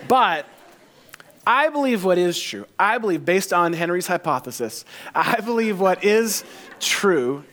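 A pastor in his forties preaching in a relaxed, conversational way. He slips in jokes and often circles back to repeat a phrase. His voice sits a little high for a man. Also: unhurried. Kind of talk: sermon.

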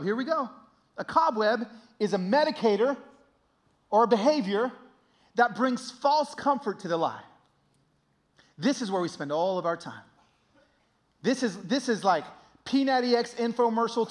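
Young male pastor, high lively voice, animated storyteller on stage. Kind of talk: sermon.

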